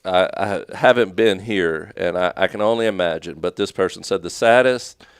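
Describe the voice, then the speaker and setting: A man's voice: deep voice, moderate pace, smooth, no echo, clean studio sound. A middle-aged man co-hosting a talk show, chatting casually about parenting and reading listener comments aloud with easy chuckles.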